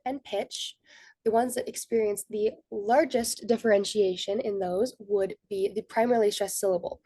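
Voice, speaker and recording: Mellow-voiced woman presenting a class lesson. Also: mid-range voice, dry recording. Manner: methodical, reads from prepared notes. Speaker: student presenter. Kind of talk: scripted slide presentation.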